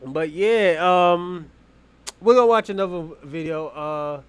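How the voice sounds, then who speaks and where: A young man hosts a stream, giving casual reaction commentary and loosely telling joking stories. His high voice moves slowly and smoothly, with no room sound.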